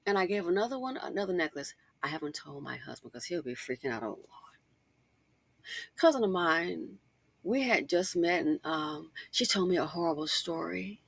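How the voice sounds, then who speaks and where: A middle-aged woman hosting a casual commentary monologue, chatty and animated, full of asides and emphatic rhetorical questions. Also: on the low side, moderate pace, creaky, breathy edge, no room sound. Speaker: commentary channel host.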